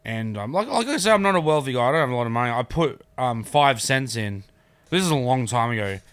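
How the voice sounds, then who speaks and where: A comedian with an Australian accent, telling stories in a rambling, casual podcast chat. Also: male voice, medium pitch, lively intonation, fast talker, a bit bright, clear, resonant tone, no echo. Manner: rambling storyteller, trailing asides. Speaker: comedian guest.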